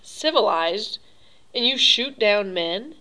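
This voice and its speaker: A woman's voice: medium pitch, animated, slow, bright, forceful tone, rough recording. A woman reading an audiobook, voicing a stiff, principled young male hunter who speaks curtly and with indignation. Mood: stiff, indignant.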